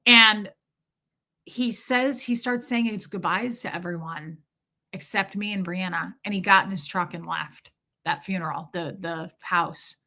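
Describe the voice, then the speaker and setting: A woman's voice: fairly low pitch, a little slow, bright, forceful tone. A woman from Kansas City, podcast host, telling a personal story candidly and emotionally with lots of "like" fillers. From Kansas City, USA.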